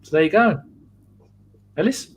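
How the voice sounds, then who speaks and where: A man hosting a casual football podcast, brisk and wry, swearing freely as he steers the chat. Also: sits high, expressive, slight background noise. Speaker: stand-in podcast host.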